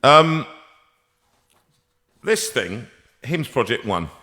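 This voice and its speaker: A man's voice: mid-range voice, sing-song, very slow, bright, forceful tone. A man hosting a casual live stream from a music room, telling jokes in a rambling, playful way with many restarts. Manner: jokey, rambling with restarts, tells puns. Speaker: singer and host. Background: piano.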